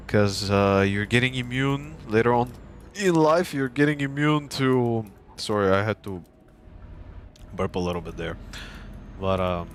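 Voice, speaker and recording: A man's voice: medium pitch, a bit bright, slight background noise. A young man from Bulgaria, a streamer, ranting casually and profanely with a heated, mocking manner.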